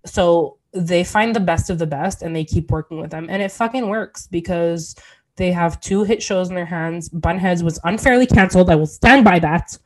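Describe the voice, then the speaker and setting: Woman podcast co-host, low-pitched, eager and opinionated, filler-heavy chat. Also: normal speed. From Canada. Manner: enthusiastic, opinionated, many fillers.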